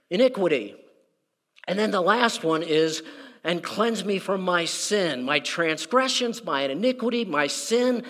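A man's voice: high-pitched, fairly bright tone. Man, pastor, conversational sermon, acts out prayers, church sanctuary, reverberant hall. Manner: conversational, repeats words, acts out quoted prayers.

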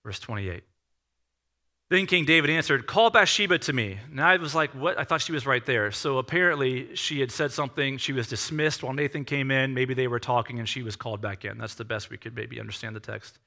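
A man's voice: mid-range voice, a little fast, vocal fry. A man preaching a sermon in a conversational way, acting out quotes and questioning his own reading. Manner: animated, acts out quotes with shifting tone. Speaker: pastor.

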